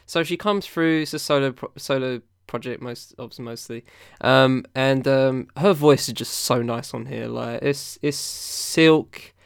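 A man's voice: mid-range voice, measured pace, vocal fry, clean tone, no room sound, clean studio sound. A man hosting a casual podcast, talking through albums in a loose, rambling way with many fillers and restarts. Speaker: podcast host reviewing albums. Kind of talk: casual chat.

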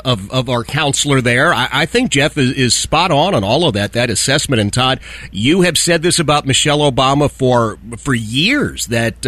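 A man's voice: medium pitch, a bit bright, dry recording. A man who is a guest commentator on a radio show, speaking in a folksy, agreeable way.

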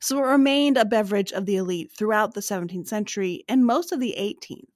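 Woman cohost reading history notes, steady mid voice, dry close sound. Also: medium pitch, quick pace, dry recording. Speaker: podcast co-host. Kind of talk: history podcast, reading aloud.

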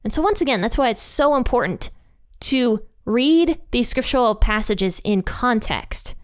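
A woman with a slightly high, expressive voice teaches a Bible passage at a measured pace. She retells the story in a casual, chatty way, voicing the characters' quoted lines playfully.

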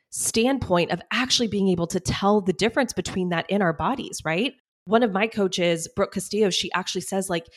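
A woman hosting a solo podcast, talking earnestly and conversationally about feelings, with casual fillers like "y'all" and "like.". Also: on the low side. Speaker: podcast host, coach.

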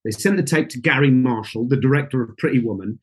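A British man in his forties, appearing as a guest actor in a relaxed interview, tells stories with lots of energy and mimics the voices of the people he quotes. His voice is medium-pitched and quick, with a breathy edge.

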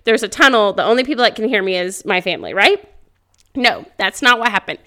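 A woman hosting a podcast, telling stories in a loud, animated way and laughing often into a podcast microphone. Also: mid-range voice, a little fast. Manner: speaks loudly; animated storytelling with frequent laughter. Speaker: podcast host. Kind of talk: casual motivational podcast monologue.

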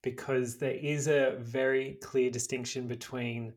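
A man's voice: medium pitch, flat delivery, measured pace. A man co-hosting a casual podcast, explaining research and laughing easily as he talks. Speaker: podcast co-host presenting research. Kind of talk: casual chat.

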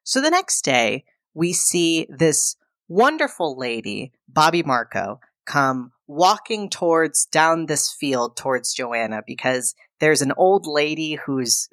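Low-voiced woman recapping a film. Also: no room sound, studio quality. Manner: animated retelling, acting out characters' lines. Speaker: podcast co-host. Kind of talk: casual chat recapping a film.

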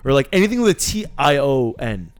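A young man, a student, chatting as a podcast guest, eager to explain things and quick to mock himself. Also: mid-range voice, big pitch swings, no echo. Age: young adult. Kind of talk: casual podcast chat.

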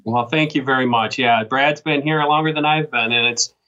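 A man's voice: mid-range voice, steady tone, sharp tone. Modest male guest on a dull remote line. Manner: modest, with frequent filler pauses. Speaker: guest, magazine editor. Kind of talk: casual interview talk.

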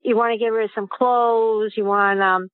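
A woman calling in to a radio show, speaking in a halting, earnest way with lots of fillers. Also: on the high side, fairly even intonation, no room sound. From Queens, New York. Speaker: caller. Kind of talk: phone call to a radio show. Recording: tinny phone line.

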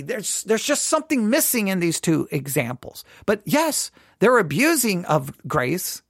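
A man teaching in a sermon style, answering listener questions, earnest and animated, often repeating words and restarting. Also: on the high side, vocal fry, no room sound, studio quality. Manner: earnest, animated, acts out imagined people.

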